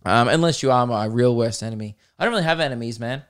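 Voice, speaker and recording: A young man, hosting a podcast and telling a comedic story in an animated, swearing way, laughing at his own jokes. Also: medium pitch, fast, smooth. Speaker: podcast host.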